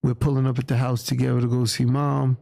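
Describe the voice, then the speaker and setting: Gravelly, dark-voiced man telling a story. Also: medium pitch, flat delivery, quick pace, no echo. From New York. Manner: candid, plain-spoken, acts out quoted voices. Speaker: interview guest. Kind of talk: casual storytelling.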